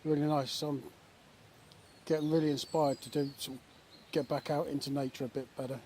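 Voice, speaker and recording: A man talking casually in a relaxed, chatty way with many fillers, filming a vlog at a woodland camp outdoors. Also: a little high, fairly quick. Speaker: vlogger. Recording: outdoor recording with faint nature noise.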